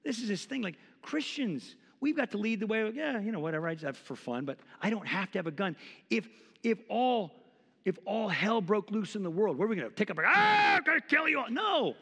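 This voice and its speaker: A man's voice: high voice, lively intonation, brisk, creaky, in a large hall. A man in his forties preaching a sermon as pastor, impassioned and conversational, acting out quotes. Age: 40s. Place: church sanctuary.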